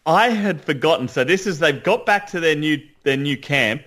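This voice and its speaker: A man co-hosting a podcast, enthusiastic and halting, restarting his sentences. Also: fairly high pitch, animated, fairly bright tone. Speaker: podcast co-host. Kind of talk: casual recap chat.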